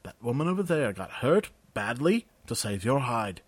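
A man voicing a blunt male army sergeant who speaks firmly in a clipped, quietly threatening way. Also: lowish voice, expressive, moderate pace, breathy edge, no room sound.

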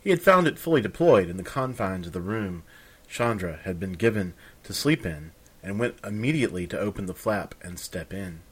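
A man narrating a fantasy story in a calm, even storytelling manner. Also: deep voice, normal speed, husky.

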